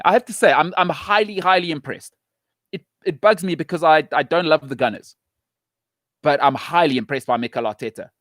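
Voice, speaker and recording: Emphatic middle-aged male host, slightly high voice, dry close sound, punchy opinion delivery. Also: no echo. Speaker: show host. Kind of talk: opinionated football talk show.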